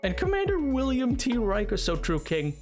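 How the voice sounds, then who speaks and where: High-voiced chatty male streamer. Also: wildly swooping pitch, moderate pace, music in the background. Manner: chatty and self-mocking, laughs often. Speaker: gaming streamer. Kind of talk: casual chat while streaming a game.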